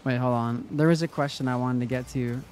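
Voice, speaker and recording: A man's voice: medium pitch, fairly even intonation, brisk, darkish tone, a little hiss or hum. A young man streaming a game, chatting casually and answering his chat. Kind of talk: casual live-stream chat while gaming.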